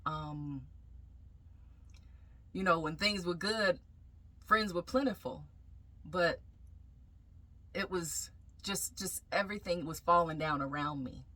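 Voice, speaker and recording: A woman with a bright, clear voice that sits slightly low, telling a deeply personal story. She speaks reflectively and haltingly, stopping often to gather her thoughts. Her tone is intimate and earnest, like a vlog confession. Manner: reflective, halting, with frequent pauses and fillers. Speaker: vlogger sharing a personal testimony.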